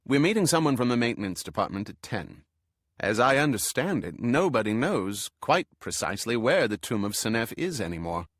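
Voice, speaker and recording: A male narrator voicing a brisk, formal male museum director. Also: medium pitch, sing-song, no echo, studio quality.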